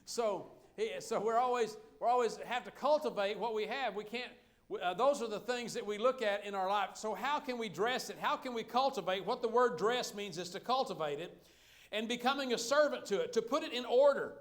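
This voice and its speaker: High-voiced folksy pastor. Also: male voice, a little fast. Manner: folksy, joking with the congregation. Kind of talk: sermon.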